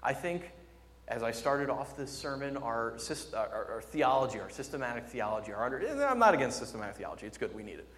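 A male pastor preaching a sermon with impassioned delivery, swinging between loud emphasis and hushed, tender tones. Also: mid-range voice, very animated, quick pace, in a large hall.

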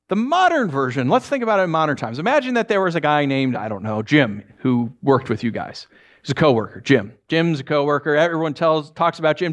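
Brief: male preacher, high voice, chatty animated storyteller who quizzes the audience. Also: brisk. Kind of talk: conversational sermon.

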